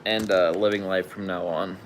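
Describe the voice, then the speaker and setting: A man's voice: deep voice, steady tone, moderate pace, background noise. A young man co-hosting a casual live stream, speaking in a laid-back, hesitant way.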